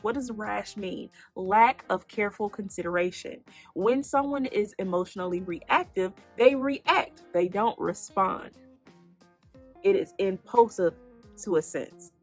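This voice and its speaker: A woman hosting a faith-based self-help podcast who teaches in an animated way, asking the listener questions and then answering them herself. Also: medium pitch, measured pace, faint music behind. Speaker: podcast host.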